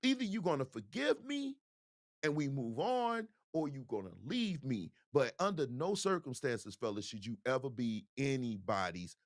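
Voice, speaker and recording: A man's voice: mid-range voice, moderate pace, no room sound, studio quality. A man hosting a video show, talking casually and straight to his viewers. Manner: animated, talks straight to viewers. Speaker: show host.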